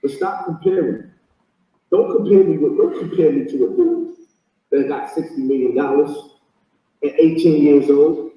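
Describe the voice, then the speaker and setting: Boastful man in a booming, distant clip. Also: lively intonation, normal speed, long pauses, dull audio. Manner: boastful, defiant. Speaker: interviewee in a played clip. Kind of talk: boastful street talk. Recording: echoey distant clip with animal noise.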